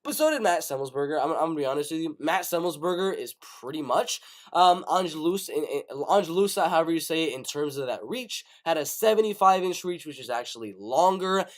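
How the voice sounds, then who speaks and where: A man hosting a casual live show, giving animated, rapid-fire fight predictions with play-by-play bursts. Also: fairly high pitch. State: coughing, sick. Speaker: MMA prediction show host. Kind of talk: casual live-stream commentary.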